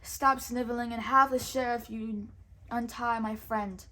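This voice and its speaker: A woman's voice: fairly high pitch, fairly even intonation, measured pace, sharp tone. A woman voicing a big, loyal male sidekick who blusters and threatens in a storybook. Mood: blustering.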